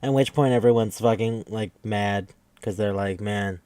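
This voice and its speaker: A man's voice: on the low side, normal speed, warm tone. A man hosting a podcast, giving a casual, rambling, profane recap of an anime with wry asides. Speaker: podcast host.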